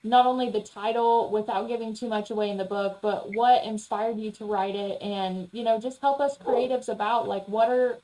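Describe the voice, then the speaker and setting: A woman hosts a podcast in a relaxed, chatty way. Her voice sits a little high, and her questions wander through fillers before she lands on them. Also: moderate pace, hardly any pauses, slight background noise, low-quality recording. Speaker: podcast host. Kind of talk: casual interview chat.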